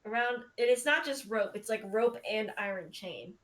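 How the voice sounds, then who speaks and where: A woman's voice: a little high, expressive, normal speed, fairly bright tone. Laughing woman narrating as game master. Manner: laughing, rambling, swears casually. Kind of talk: narrating a tabletop game, casual.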